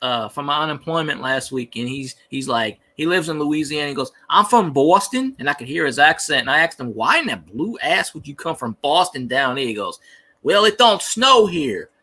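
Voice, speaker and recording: A man's voice: mid-range voice, a little fast, hardly any pauses, sharp tone. A man in casual chat, joking and teasing, laughing at his own lines. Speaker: guest in chat.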